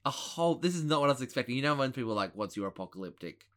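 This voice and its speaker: A man's voice: medium pitch, racing, fairly bright tone. A man co-hosting a podcast, laid-back and swearing casually as he chats. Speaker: podcast co-host. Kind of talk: casual chat.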